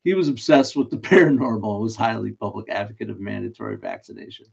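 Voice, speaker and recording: A man's voice: on the low side, lively intonation, fast, creaky, darkish tone, breathy edge. A man hosting a casual live stream, chatty and self-mocking, often laughing mid-sentence. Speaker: live stream host running a daily trivia guess. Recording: dull lo-fi stream audio.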